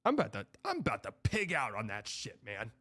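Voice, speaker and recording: A man's voice: mid-range voice, huge pitch swings, fairly quick, pushed and bright, husky, no room sound. A young man hosting a casual sports livestream, reading out donations and rambling with exasperated, profane reactions. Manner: exasperated, rambling, swearing, reads donor messages aloud.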